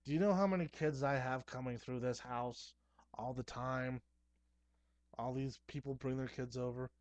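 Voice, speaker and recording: A young man talking casually to camera at home, chatty and excitable, with playful asides. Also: mid-range voice, normal speed, no room sound. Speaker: horror movie vlogger. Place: dim room at home.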